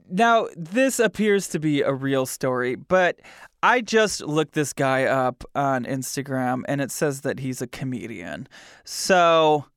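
Lively, chatty male podcast host. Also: fairly high pitch, smooth, no echo, studio quality. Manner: chatty, amused, trails off into asides. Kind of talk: casual chat, reading the news aloud.

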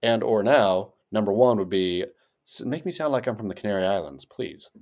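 American male co-host, low-pitched, playful rambler, pitch leaps when excited. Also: normal speed. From United States. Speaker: podcast co-host. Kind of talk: casual chat.

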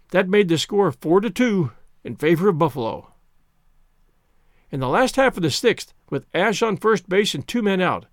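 An audiobook narrator reads a first-person story in an expressive, animated way, his high male voice swinging widely in pitch. The recording is dry and close.

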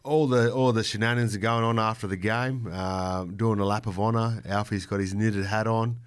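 A man's voice: fairly low pitch, steady tone, normal speed, clean tone. A man hosting a casual podcast interview in a teasing, laughing way. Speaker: podcast host.

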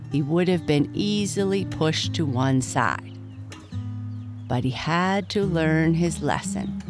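A woman narrating a children's storybook, gently addressing boys and girls. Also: low voice.

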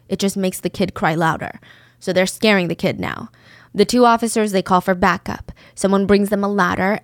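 A woman's voice: medium pitch, dry recording, clean studio sound. A woman narrating a true crime story in a casual, chatty way, with conversational asides.

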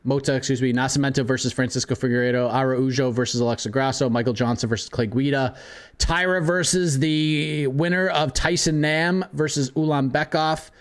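Co-host, male, mid-pitched, easygoing list reader who comments between picks. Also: fairly even intonation, a little fast. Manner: reads lists of matchups, chuckles often. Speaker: podcast co-host. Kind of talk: casual chat reading listener picks.

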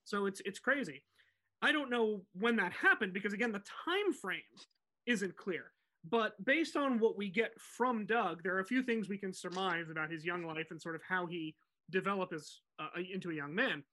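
A man hosting a podcast, telling a music story in an animated, digressive way. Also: sits high, normal speed. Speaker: podcast host.

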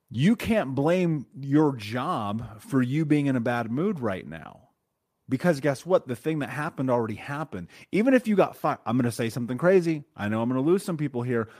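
A man's voice: mid-range voice, darkish tone. Blunt, chatty man hosting a podcast. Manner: blunt, conversational, frequent "right?". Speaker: podcast host. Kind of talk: solo podcast monologue.

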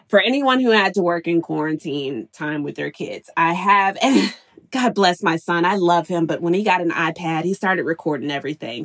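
This is a woman in her thirties telling candid stories about working from home with her kids. She is animated and laughs often, and she acts out what she said back then. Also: fairly low pitch. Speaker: interview guest, working mother. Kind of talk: candid storytelling.

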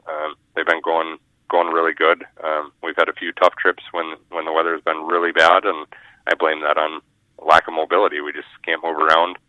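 A man's voice: extremely low pitch, little pitch movement, normal speed, no echo. A man, a fishing guide talking casually in a radio interview, rambling and repeating his words. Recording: muffled phone line.

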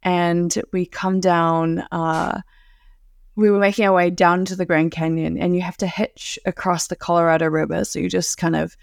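A woman's voice: fairly low pitch, little pitch movement, moderate pace, vocal fry, dry recording. Chatty New Zealand woman with dry sound. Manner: chatty storyteller, laughs often. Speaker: guest. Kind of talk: casual podcast chat.

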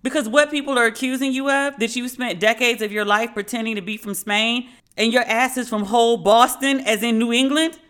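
A woman's voice: a little high, fairly even intonation, brisk, a bit bright, lightly acted. A woman putting on the voice of exasperated newspaper reporters, pointed and incredulous as they demand answers.

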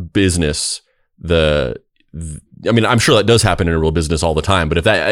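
A man's voice: sits low, no room sound, studio quality. A man hosting a podcast in casual chat, rambling, with many restarts and "like"s as he thinks aloud. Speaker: podcast host.

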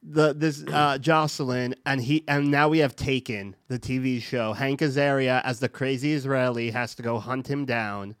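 A man's voice: medium pitch, fairly even intonation, normal speed, few pauses, a bit bright, clean tone, no room sound, studio quality. A man co-hosting a comedy podcast, chatting casually, swearing and riffing in disbelief about a TV show. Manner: incredulous, profane, riffs on plot ideas. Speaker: podcast co-host.

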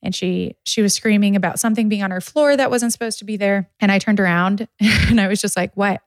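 A woman's voice: medium pitch, brisk, no room sound. A woman chatting casually about toddler tantrums, telling stories with frequent laughs. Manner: laughs often, tells stories animatedly. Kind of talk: casual chat.

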